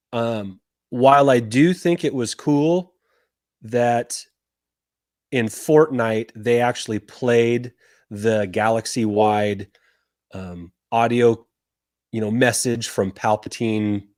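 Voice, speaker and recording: A man's voice: medium pitch, slow pace, pauses often, no echo, studio quality. A man co-hosting a casual podcast over a remote call, speaking hesitantly with fillers. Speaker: podcast co-host.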